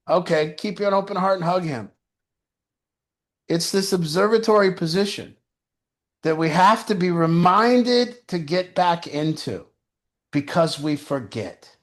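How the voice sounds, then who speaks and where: Brief: recovery mentor, male, lively and profane, higher-pitched casual talker. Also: unhurried, pauses often. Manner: animated, swearing, frequent "you know". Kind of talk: casual advice talk.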